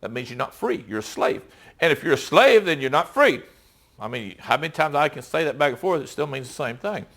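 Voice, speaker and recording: Middle-aged guy preaching, slightly high voice, chatty and emphatic, keeps asking the room questions. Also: very animated, a little fast, fairly bright tone. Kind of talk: sermon with Bible reading.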